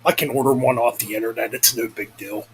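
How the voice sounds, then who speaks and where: In a rough recording with slight background noise, a young man chats casually for his vlog, cursing freely and fixing his own words mid-ramble. He talks fairly quickly at medium pitch with fairly even intonation.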